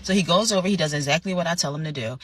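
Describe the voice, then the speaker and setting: Restaurant manager telling a work story, bright husky voice, keeps saying right?. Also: mid-range voice, racing. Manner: animated storytelling with frequent "right?" asides. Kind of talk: casual personal anecdote.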